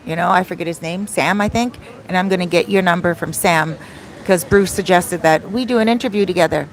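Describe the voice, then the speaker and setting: A woman's voice: lowish voice, fairly quick, a little hiss or hum. Chatty rambling woman vlogging on a phone. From Canada. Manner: rambling, digressive, laughs often. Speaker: travel vlogger and soul coach. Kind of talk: casual chatty vlog storytelling.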